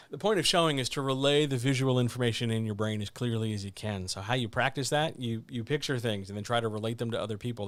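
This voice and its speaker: A man's voice: medium pitch, fairly bright tone, no echo. Blunt, dry-voiced man coaching writers. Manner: blunt, wry, emphatic repetition. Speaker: writing coach hosting a weekly chat. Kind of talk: casual instructional talk.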